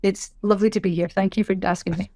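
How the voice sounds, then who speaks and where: A Scottish woman chats as a podcast guest, self-deprecating and full of quick asides. Her voice sits mid-range and the recording is dry and close. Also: mid-range voice, steady tone, darkish tone, dry recording. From Scotland. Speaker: guest, sign language interpreter. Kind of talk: casual interview chat.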